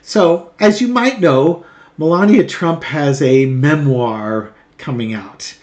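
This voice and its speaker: Chatty tarot host, laughing asides. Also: male voice, fairly high pitch, takes it slowly, darkish tone. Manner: chatty, laughs often, self-correcting asides. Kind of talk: casual chat.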